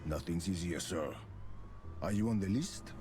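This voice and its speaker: A polite bull bouncer. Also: male voice, low-pitched, unhurried, background noise. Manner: formal, courteous, calls everyone gentlemen or sir. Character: towering polite bull bouncer at a club door. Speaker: game character.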